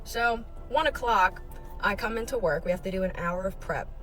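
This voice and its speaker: A woman's voice: medium pitch, moderate pace, faint music behind. A woman telling a casual storytime rant about her job, heated and profane as she recounts it. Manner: heated, profane, animated retelling. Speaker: restaurant kitchen worker telling a story.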